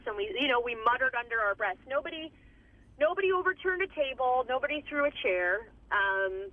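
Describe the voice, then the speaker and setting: Woman on the phone, fired up and emphatic, highish voice, tinny line. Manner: impassioned, emphatic, many restarts. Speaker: interviewee, community advocate. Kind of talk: recorded interview over phone.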